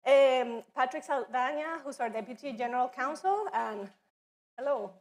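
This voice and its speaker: A woman with a foreign accent opens a professional workshop in a training room. She sounds nervous and hesitant, filling pauses with ums and restarting words. Her voice sits a little high. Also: lively intonation, darkish tone. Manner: nervous, hesitant, many fillers. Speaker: immigrant relations coordinator. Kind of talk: workshop welcome and presentation. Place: training room with audience at tables.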